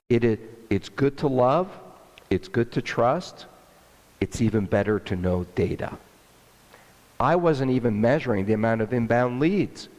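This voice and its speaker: A male entrepreneur telling a story in an interview, animated and acting out the dialogue, with long hall reverb. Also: medium pitch. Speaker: entrepreneur guest.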